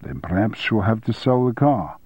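A man's voice: fairly low pitch, animated, normal speed, a little mellow, breathy edge, no room sound. A man doing an unmoved, dry-witted mechanic. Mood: dry calm. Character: calm, dry-witted German male garage mechanic. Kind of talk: audiobook character voice.

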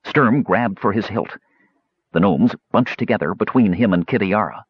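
Low, husky male audiobook narrator. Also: normal speed, no room sound, dull audio. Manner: steady storytelling with varied voices. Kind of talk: scripted narration.

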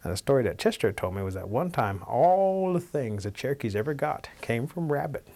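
A man telling a traditional animal folktale aloud, in a relaxed, animated, conversational way. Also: medium pitch, fairly quick. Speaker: storyteller.

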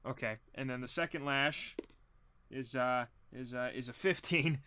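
Young man player, bright tone, stammers, flustered. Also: medium pitch, unhurried, smooth. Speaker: tabletop game player. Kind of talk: casual game chat.

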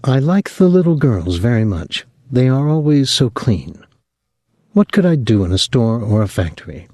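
A man reading the part of a placid young housemaid with a light French-Canadian accent, speaking low and evenly. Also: no echo, clean studio sound. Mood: calm. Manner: low, even, unhurried.

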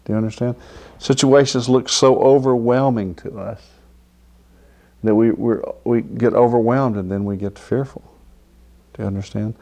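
A man's voice: medium pitch, steady tone, moderate pace, pauses often, darkish tone. Male preacher, casual sermon delivery, mid-range voice, conversational and questioning. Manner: conversational, asks "do you understand?" often; acts out quoted figures with laughter. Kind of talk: informal sermon with scripture reading.

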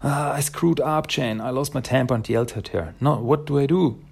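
Earnest young turtle ninja leader from a comic, read by a man, husky. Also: medium pitch, fairly quick, darkish tone, pitched above the performer's own voice. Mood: regretful.

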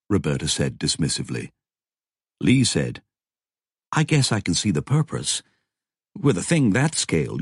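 A man reading a science fiction audiobook in a measured way, lifting his voice for the characters' dialogue. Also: fairly low pitch, darkish tone, husky, no room sound, clean studio sound. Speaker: audiobook narrator. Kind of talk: scripted narration.

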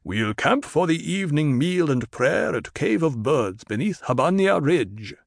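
A man voicing a stern male desert tribal leader in an audiobook reading, speaking in a formal, measured way. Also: fairly high pitch, sing-song, creaky, no echo, studio quality, pitched above the performer's own voice, exaggerated voice.

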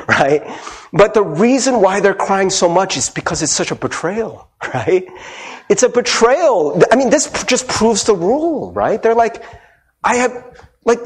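A male pastor preaching a casual, conversational sermon, often checking in with the congregation and acting out quoted voices. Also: high voice. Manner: animated, conversational, frequent "right?" asides.

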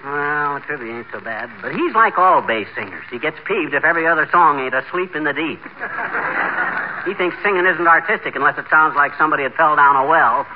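A brash, folksy small-town blowhard who fires off wisecracks in a lively voice that leaps up and down, as a man acts him out. It sounds like a muffled old radio broadcast with a clear hiss. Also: a little high, fairly quick, lightly acted.

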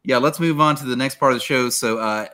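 Male podcast host; rapid, bright, crude banter. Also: mid-range voice. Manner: loose and profane, laughs easily. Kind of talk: casual podcast chat.

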